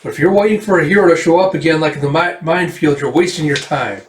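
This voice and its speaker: A man's voice: a little high, fast talker, a little hiss or hum, voice pushed up, close to an everyday voice. A man voicing a blunt, threatening bounty hunter while reading a comic aloud. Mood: menacing. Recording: roomy, distant mic.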